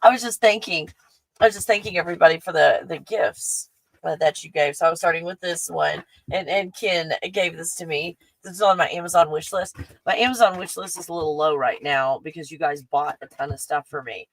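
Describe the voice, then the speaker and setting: A woman's voice: fairly low pitch, fairly quick, rough recording. Chatty woman hosting a live stream. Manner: chatty and effusive, with frequent restarts. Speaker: livestream host. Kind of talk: casual live-stream chat with viewers.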